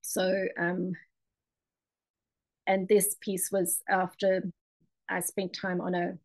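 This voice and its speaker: A woman's voice: fairly low pitch, completely flat delivery, takes it slowly, vocal fry, a little mellow, poor audio. A woman giving a chatty presentation on her art, with many ums and restarts. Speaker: ceramic and mosaic artist presenting her work. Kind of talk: presentation talk.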